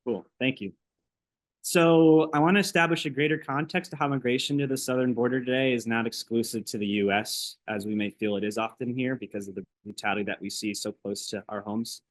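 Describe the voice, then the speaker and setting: A young man moderating a public talk for the first time, speaking in a nervous, halting way with many ums and uhs. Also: mid-range voice, fairly even intonation, dry recording, low-quality recording. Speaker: event moderator. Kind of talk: public talk introduction and questions.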